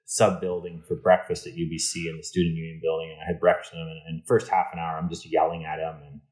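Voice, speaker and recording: Deep-voiced man telling a story. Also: fast, low-quality recording. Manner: animated storyteller, acts out quoted dialogue, many restarts. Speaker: interview guest, insurance executive. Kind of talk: storytelling in a podcast interview.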